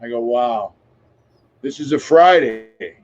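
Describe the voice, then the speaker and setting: A man's voice: mid-range voice, lively intonation, takes it slowly, a little mellow. A man around sixty speaks as a podcast guest. His voice sits in a middle register, and he talks casually, frankly and at length, with frequent filler phrases and some swearing. The recording sounds dull and a little muffled. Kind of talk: casual conversational storytelling.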